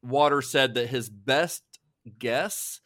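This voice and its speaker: A man's voice: mid-range voice, takes it slowly, a bit bright, no room sound, studio quality. A man co-hosting a casual film podcast, telling behind-the-scenes stories with frequent laughs and fillers. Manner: chatty storyteller, laughs often, many fillers. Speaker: podcast co-host.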